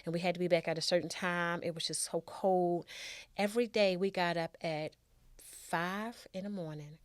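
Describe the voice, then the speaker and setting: Heartfelt middle-aged woman, low voice. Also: fairly even intonation, moderate pace, no room sound, clean studio sound. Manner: candid, heartfelt. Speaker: storytelling guest. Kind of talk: personal life storytelling.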